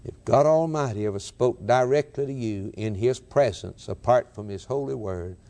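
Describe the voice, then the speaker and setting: A man preaching a sermon, swinging from raised declarations to hushed, drawn-out lines. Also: mid-range voice. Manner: dramatic preaching with sudden swings from loud to hushed.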